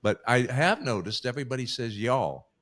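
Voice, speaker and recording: A man's voice: fairly low pitch, normal speed. Chatty storytelling man, laughing often. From Southern California. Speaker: podcast co-host. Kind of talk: casual chat.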